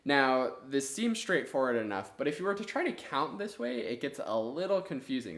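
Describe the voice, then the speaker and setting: A man gives a clarinet lesson, patiently walking through each step and counting the beats aloud. His voice sits at an ordinary middle pitch and rings in a reverberant room. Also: big pitch swings, brisk, hardly any pauses. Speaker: clarinet teacher. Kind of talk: online music lesson. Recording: echoey room.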